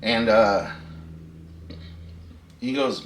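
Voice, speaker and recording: A man's voice: lowish voice, measured pace, pauses often, far from the mic, background noise. A middle-aged man, hosting a casual storytelling vlog in a laid-back, chatty way and laughing at his own story. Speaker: host. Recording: echoey room, voice a bit off-mic.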